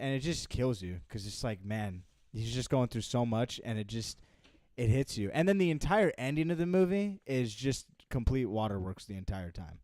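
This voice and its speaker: A young man in casual chat as co-host, talking earnestly and halting now and then with fillers and restarts. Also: medium pitch, animated, a little mellow, dry recording. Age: young adult.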